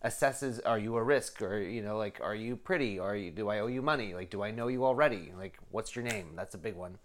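A man chatting casually, telling a wry, self-deprecating story with deadpan asides. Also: fairly low pitch, a little fast, slight background noise. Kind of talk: casual chat.

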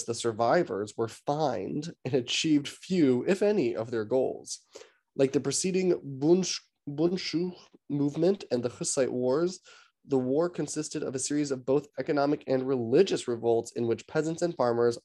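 A man co-hosting a casual conversational podcast, with a middle-pitched, unforced voice. He reads facts aloud in a laid-back way, with small stumbles and restarts. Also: normal speed, warm tone. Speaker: podcast co-host.

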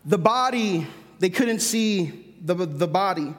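Guy preaching, pretty high voice, chatty and joking, long hall echo. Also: animated, slow. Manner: conversational, self-correcting, with humorous asides. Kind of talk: sermon.

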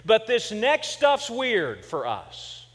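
High-voiced pastor preaching in a reverberant church. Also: male voice, huge pitch swings, takes it slowly, husky. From Kansas. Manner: conversational storytelling with humor, building to emphatic points. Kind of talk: sermon. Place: church sanctuary.

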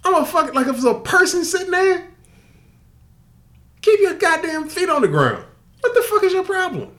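Animated, profane older man telling stories. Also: very high-pitched, moderate pace. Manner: profane, animated, laughs often. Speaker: podcast co-host. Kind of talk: casual storytelling chat.

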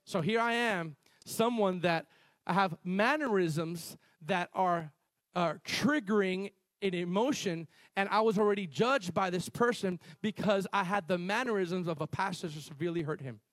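Male pastor preaching, high-pitched and lively, restarts lines, dry close recording. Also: normal speed, dry recording. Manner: animated storytelling, shifting between loud emphasis and quiet asides; repeats and restarts phrases, calls on the congregation. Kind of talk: sermon.

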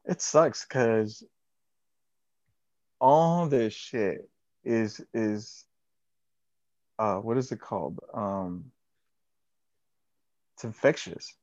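A man's voice: lowish voice, very slow, long pauses, darkish tone, no echo, muffled recording. A man in casual chat, talking in a rambling, slangy way with plenty of swearing.

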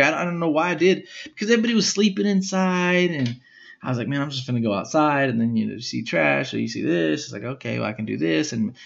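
A man's voice: medium pitch, vocal fry, lo-fi sound. A young man hosting a podcast, telling stories in a rambling, slangy way and swearing often. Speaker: podcast host. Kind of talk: casual storytelling monologue.

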